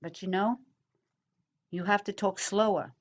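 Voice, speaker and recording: A middle-aged woman chatting casually as she answers comments, talking slowly and rambling with pauses and fillers. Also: mid-range voice, fairly even intonation. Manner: slow, rambling, pausing, with many fillers. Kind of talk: casual chat.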